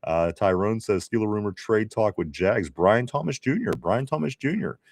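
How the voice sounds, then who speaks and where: A man's voice: on the low side, lively intonation, moderate pace, darkish tone, husky. A man co-hosting a casual live stream, reading viewer comments aloud with laughs, restarts and teasing.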